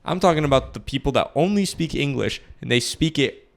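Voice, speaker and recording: A man's voice: mid-range voice, expressive, fairly quick, vocal fry. A man co-hosting a casual podcast, blunt and joking, swearing offhandedly. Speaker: podcast co-host. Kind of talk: casual chat.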